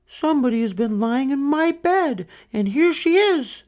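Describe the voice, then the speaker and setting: A man voicing a small boy bear cub with a sharp, shrill, wailing voice in a storybook read-aloud. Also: animated, unhurried. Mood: upset wailing. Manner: wailing, upset.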